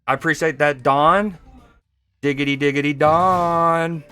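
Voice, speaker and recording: A man's voice: fairly high pitch, steady tone, measured pace, sharp tone, clear, resonant tone, no echo. A man from Georgia, casually chatting with viewers and joking while he streams a card game. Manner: laid-back, joking, chatting with chat while playing. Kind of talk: casual live-stream chat.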